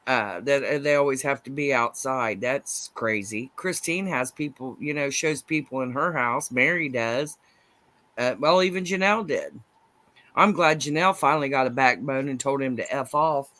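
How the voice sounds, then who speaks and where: A woman's voice: a bass voice, moderate pace, a bit bright, no room sound. A woman chatting casually as co-host, agreeing and gossiping. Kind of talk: casual chat.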